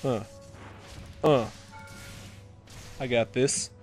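A young man commentating his own gameplay, excitable, swearing and shouting at teammates. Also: mid-range voice, extremely slow, faint music behind.

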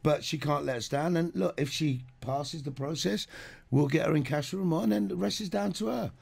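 A middle-aged man, an animated storyteller chatting as a guest in a radio studio. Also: a little high, fairly quick, creaky, slightly rough. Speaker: guest actor. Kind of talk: casual radio chat.

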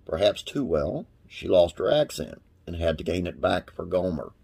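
A man's voice: low voice, sing-song, moderate pace, gravelly, darkish tone, breathy edge. A man hosting a classic TV trivia channel, reading facts aloud and wandering into folksy, rambling asides with religious sign-offs.

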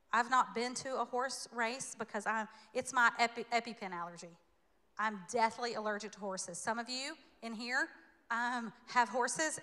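A woman from the American South preaching a sermon in a church, conversational and animated, with playful asides. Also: on the high side. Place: church sanctuary. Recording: long hall reverb.

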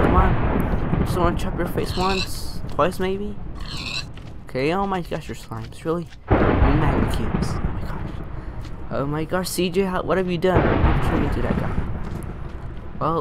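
A man giving casual, excitable gameplay commentary as a channel host, chatting to his teammate and taunting opponents as he plays. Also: a little high, very noisy. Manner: excitable, chatty, talks to his teammate and foes while playing.

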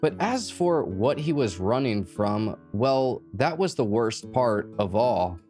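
A man's voice: mid-range voice, big pitch swings, slow pace, a little mellow, faint music behind. A man hosting a true crime channel, narrating a scripted case in a casual, jokey storytelling manner.

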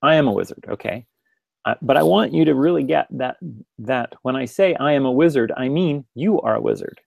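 Gravelly man giving a rambling webinar talk. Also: mid-range voice, lively intonation, fairly quick, darkish tone, no echo. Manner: rambling, with restarts and direct questions to listeners. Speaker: webinar presenter. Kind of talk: casual spoken webinar lecture.

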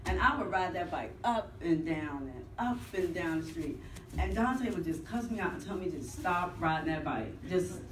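A woman's voice: on the low side, lively intonation, moderate pace. A woman sharing fond, rambling neighborhood memories of the deceased at a funeral service. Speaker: neighbor and friend giving a funeral remembrance. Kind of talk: personal remembrance at a funeral. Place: large room at a funeral service. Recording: echoey room, voice heard from a distance, clear background noise.

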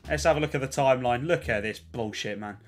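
A man's voice: medium pitch, fast talker, soft background music. A young English man streaming a video game, swearing and swinging between ranting and cheering as he talks to his chat. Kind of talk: live game commentary to chat.

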